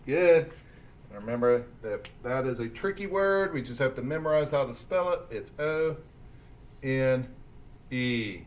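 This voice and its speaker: A man teaching a lesson to young children, speaking slowly and deliberately as he sounds out letters and syllables. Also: medium pitch, expressive.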